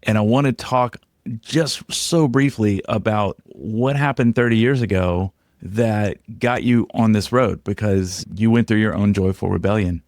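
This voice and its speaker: A podcast host, a man with a very low voice, draws out his guest. He is encouraging and quick to affirm. He is recorded close and dry. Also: a little mellow, no echo. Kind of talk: interview, casual chat.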